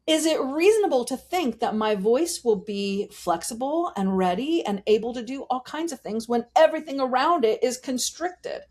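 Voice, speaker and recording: Animated woman vocal coach. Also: high voice, normal speed, hardly any pauses. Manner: animated, demonstrates voice techniques while explaining. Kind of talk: interview, explaining voice technique.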